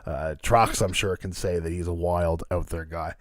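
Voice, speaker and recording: A man co-hosting a casual wrestling podcast, talking slowly and loosely, audibly stoned and rambling. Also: low voice, fairly even intonation, dry recording, clean studio sound. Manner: slow, stoned, meandering. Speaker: podcast co-host.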